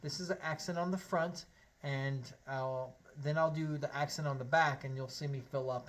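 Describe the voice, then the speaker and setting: A man's voice: fairly high pitch, fairly even intonation, moderate pace. A man teaching a harmonica lesson, explaining step by step in a friendly way and counting beats aloud. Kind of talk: online music lesson.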